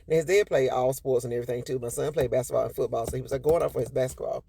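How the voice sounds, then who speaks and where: A woman's voice: rapid-fire, vocal fry, few pauses, dark tone, breathy edge. A woman, telling a personal story to her followers in a sassy, emphatic way and acting out what people said. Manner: sassy, emphatic, acts out quotes with big pitch jumps.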